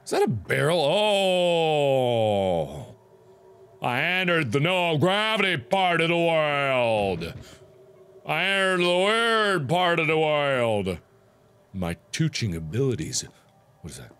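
A man's voice: a little high, very animated, slow pace, fairly bright tone, clear, resonant tone. A young man hosting a horror game video, joking playfully and exclaiming in surprise as he plays. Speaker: gaming video host.

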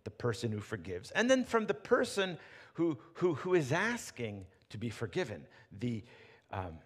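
A male pastor preaching a sermon, telling a story with animated retelling and frequent restarts. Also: mid-range voice, moderate pace, husky. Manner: animated storytelling, rephrasing as he goes. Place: church sanctuary. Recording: reverberant church hall.

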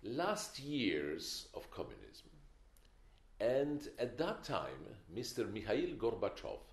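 A man's voice: fairly low pitch, wildly swooping pitch, slow, gravelly. An older man giving a film masterclass, opinionated and emphatic, with wry stories. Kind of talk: masterclass lecture. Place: lecture hall. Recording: echoey lecture hall.

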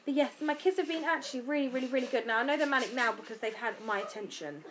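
Brief: young British woman, English accent, tired but chatty vlogger, fairly high voice, home recording with steady background noise. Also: fast. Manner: chatty, lively, swears casually. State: tired from lack of sleep. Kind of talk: casual chat to camera.

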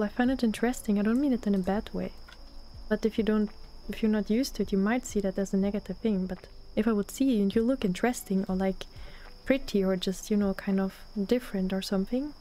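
A young German woman with a German accent, chatting softly and often half-whispering in a relaxed ASMR gaming stream, close to the mic. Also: medium pitch. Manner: often half-whispered, relaxed, answers chat between gameplay. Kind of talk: soft-spoken ASMR gaming stream chat. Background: faint lo-fi music.

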